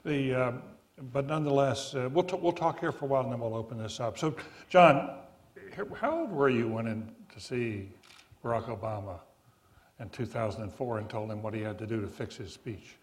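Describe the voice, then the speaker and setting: Older man, moderator, mid-pitched voice, measured halting delivery. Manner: measured, with frequent uh fillers and restarts. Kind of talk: moderating a forum interview.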